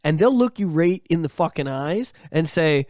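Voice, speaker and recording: A man co-hosting a casual podcast, ranting in a crude, animated way and jumping into loud quoted voices. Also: a little high, normal speed, no echo, studio quality. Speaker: podcast co-host.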